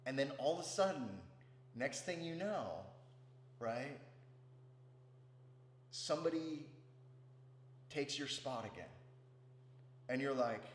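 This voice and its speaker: A man's voice: mid-range voice, animated, slow pace, long pauses. A man giving a casual, profane spiritual talk as a meditation teacher, often checking in with "right?". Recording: roomy with faint hum.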